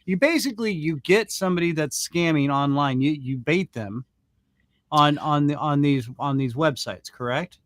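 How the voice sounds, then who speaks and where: A man's voice: on the high side, normal speed, a bit bright, dry recording. A man hosting a casual talk show, hesitant, with many ums and restarts. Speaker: host.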